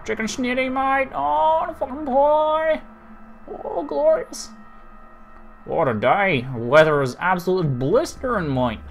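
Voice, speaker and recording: A loud, jokey Australian bloke from the pub, drawling every word in a thick accent, as a streamer puts him on. He hams it up like a caricature, pitching up into loud, gleeful exclamations. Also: measured pace, gravelly, exaggerated voice. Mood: boisterous. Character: exaggerated broad Aussie bloke at the pub.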